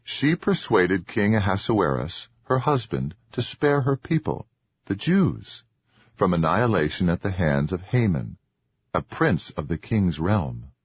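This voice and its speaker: A man voicing a meek, earnest young wife with a soft, pleading, formal way of speaking. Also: deep voice, big pitch swings, measured pace, slightly rough, dry recording, lo-fi sound, full character voice.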